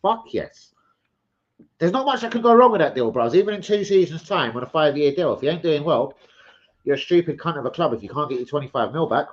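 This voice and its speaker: On a casual livestream, a football fan channel host reads transfer gossip and talks with viewers, rambling and swearing freely. His voice is on the high side and expressive, a little fast, and the audio sounds dull.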